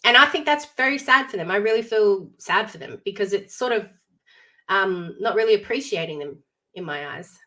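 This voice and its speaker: A woman co-hosting an entertainment live stream, chatting in a casual, expressive way with emphatic reactions. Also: mid-range voice, normal speed. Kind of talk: casual chat.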